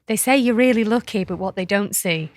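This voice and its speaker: A woman, co-hosting a podcast and telling stories in an animated way, laughing and acting out the voices. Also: medium pitch, fairly quick. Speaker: podcast co-host. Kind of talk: casual storytelling chat.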